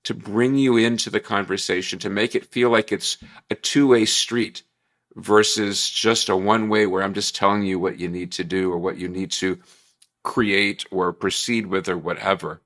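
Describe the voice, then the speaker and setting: A man trainer talks through a recorded morning lesson in a bright, forceful voice. He keeps it upbeat and chatty, tossing in jokey asides. The sound carries the bounce of a bare room with glass walls and a marble floor. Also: fairly low pitch, fairly even intonation, moderate pace. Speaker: workplace trainer.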